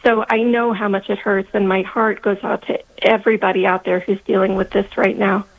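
A woman's voice: medium pitch, little pitch movement, fairly quick. A woman in her fifties calling into a radio show over the phone, speaking heartfelt and faith-filled. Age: 50s. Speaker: caller. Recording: phone line.

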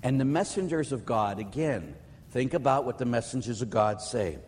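A priest and radio host preaching bluntly and telling stories, acting out the voices of the people in them. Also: male voice, medium pitch, normal speed, long reverb tail, slight background noise. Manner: blunt, animated, acts out callers' voices. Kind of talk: lively sermon with storytelling.

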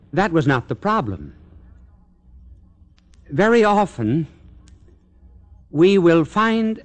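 Male preacher, lively rising and falling delivery, declamatory with dramatic pauses, teaching faith. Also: fairly high pitch. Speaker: Catholic religious instructor. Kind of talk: recorded religious instruction.

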